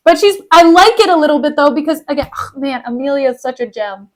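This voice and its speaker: A woman streamer reading a play aloud and commenting on it in a chatty, slangy, excitable way. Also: high voice, fast talker, few pauses.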